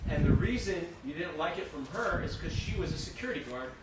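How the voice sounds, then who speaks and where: A man's voice: a little high, lively intonation, a little fast. A man cross-examining a witness in court with pointed, leading questions. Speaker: attorney. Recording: distant courtroom mic, very echoey and noisy.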